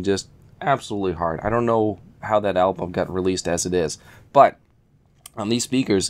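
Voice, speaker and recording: A man giving a relaxed, rambling spoken review of audio gear, full of fillers and restarts. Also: low-pitched. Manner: enthusiastic about audio detail.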